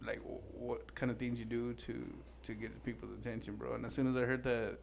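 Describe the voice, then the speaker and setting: A man's voice: medium pitch, flat delivery, fairly quick, gravelly, slight background noise. A man co-hosting a casual podcast, chatting in a laid-back way with plenty of slang. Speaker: podcast co-host. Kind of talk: casual chat.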